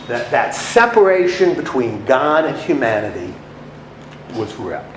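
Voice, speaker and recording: A man's voice: mid-range voice, sing-song, measured pace. A man leading a Bible study class, asking his listeners questions and then answering them himself. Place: room with a small class. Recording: echoey room with faint noise.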